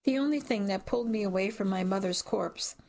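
A woman reading a dark first-person story aloud in a measured, dramatic way. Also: mid-range voice, creaky. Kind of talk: scripted audiobook narration.

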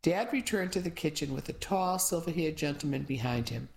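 A woman's voice: on the low side, moderate pace, a little mellow. A woman giving first-person audiobook narration with wry, dry asides.

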